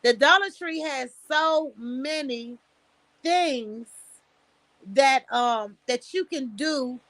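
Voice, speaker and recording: Blunt, bright-voiced woman streamer. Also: high voice, drawn-out words, no room sound. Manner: blunt, profane, preachy advice with storytelling. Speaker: livestream host. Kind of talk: casual livestream talk. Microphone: streaming setup, close mic.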